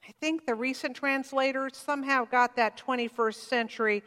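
A woman pastor preaching a sermon in a church, heartfelt and reflective, leaning into some phrases and letting others fall quiet. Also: high voice, steady tone, moderate pace, hardly any pauses, long reverb tail.

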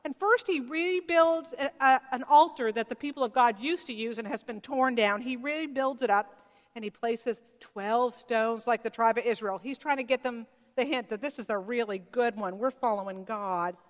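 A woman preaching a sermon, retelling a scripture story with animated storytelling and acted-out voices. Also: on the high side, normal speed. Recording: long reverb of a large hall.

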